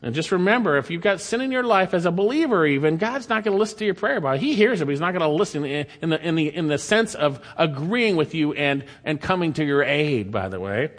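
A man's voice: fairly high pitch, expressive, quick pace, few pauses. A male pastor delivering a sermon, reading scripture aloud with emphatic rises and sudden drops. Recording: long hall reverb.

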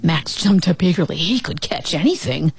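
A woman reading a children's picture book aloud, with expressive storytelling. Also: sits low, normal speed, creaky, soft background music. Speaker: storybook reader.

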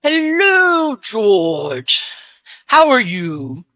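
A woman's voice: huge pitch swings, fairly bright tone, dry recording. Woman with a put-on English accent. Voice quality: deep-pitched. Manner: hesitant, halting with many fillers. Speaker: mystery guest. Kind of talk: radio guessing-game interview.

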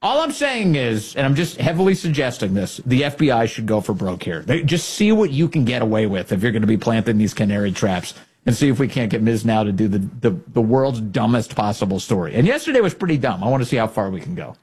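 A man's voice: fairly low pitch, very animated, quick pace, few pauses, a little mellow, husky. A man hosting a political commentary show, talking in a sarcastic, mocking way.

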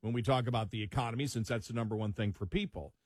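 A man's voice: medium pitch, fast, a little mellow, dry recording, studio quality. A man with a Buffalo accent co-hosting a radio talk show in casual, loose on-air chat. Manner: conversational, loose, chuckling.

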